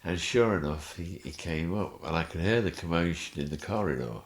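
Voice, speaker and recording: A man with a deep voice, speaking at a moderate pace, is a podcast guest telling funny stories. He chuckles often and narrates his anecdotes with lively energy during the interview.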